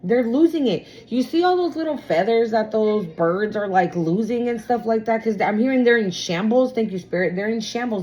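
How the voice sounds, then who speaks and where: A woman's voice: fairly high pitch, normal speed, hardly any pauses, darkish tone, rough recording. A woman giving a casual tarot reading. She talks in a blunt, profane, emphatic way and often repeats herself. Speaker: tarot reader.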